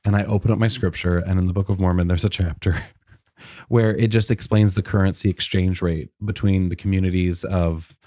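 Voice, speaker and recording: A man around thirty, a comedian telling a personal story in casual chat, animated and full of "like" fillers. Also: a little fast, no room sound, clean studio sound. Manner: animated, many "like" fillers, acts out quotes in a high voice. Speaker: guest comedian.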